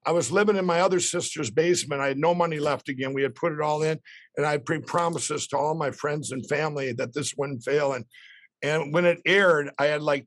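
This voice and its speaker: A man, telling a rambling, excited story as a podcast guest. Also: on the high side, dry recording.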